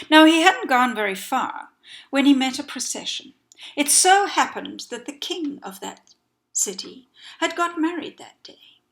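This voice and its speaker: Expressive woman telling a folktale. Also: sits high. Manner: expressive, dramatic hushed whispers. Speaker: storyteller. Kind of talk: folktale told by heart.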